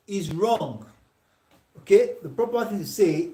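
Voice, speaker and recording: A male tutor with a Nigerian English accent giving a classroom lecture. He dictates slowly, repeats examples word by word and keeps asking "all right?". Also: high-pitched, expressive, mellow. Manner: slow and dictating, checks in with "all right?" after nearly every phrase; repeats example sentences word by word for note-taking. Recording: echoey room.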